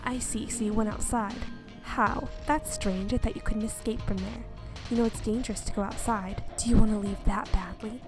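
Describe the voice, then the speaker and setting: A woman voicing a possessive, menacing young man, reading a game character's lines aloud in a cold, quiet, controlling way. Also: mid-range voice, steady tone, moderate pace, over music, voice pushed down, lightly acted. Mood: interrogating.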